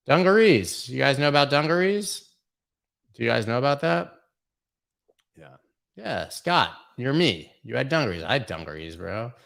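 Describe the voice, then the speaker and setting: A man's voice: mid-range voice, gravelly, a bit bright. A young man hosting a live stream, chatting casually, reading out viewer questions and joking around with them. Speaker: host of a live crypto charting stream.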